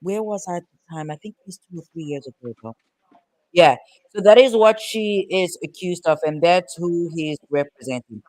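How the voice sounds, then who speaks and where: A man's voice: fairly high pitch, lively intonation, normal speed, a little mellow. A man hosting a casual show about court cases, chatty and rambling with fillers and restarts. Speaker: host.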